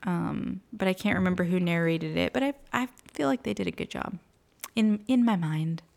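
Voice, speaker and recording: A woman's voice: fairly low pitch, normal speed, vocal fry, a little mellow. A woman co-hosting a podcast in casual chat, laughing often and poking fun at herself. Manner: laughs often, giggly and self-deprecating. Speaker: podcast co-host.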